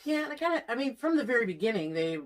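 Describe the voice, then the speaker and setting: A woman's voice: a little high, sing-song, very fast, low-quality recording. A woman hosting a casual review chat, recapping scenes and laughing easily. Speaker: host.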